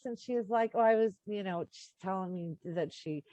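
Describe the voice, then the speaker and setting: A woman author in casual conversation, animated and quick to laugh as she gushes about readers. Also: medium pitch, dry recording, highs cut off. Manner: animated, laughs often, gushing. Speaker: author guest. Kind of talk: casual chat.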